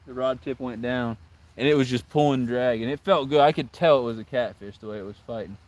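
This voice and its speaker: A man's voice: medium pitch, fairly quick. A young man on a casual fishing stream, exasperated, repeating himself and talking to his chat outdoors by the water.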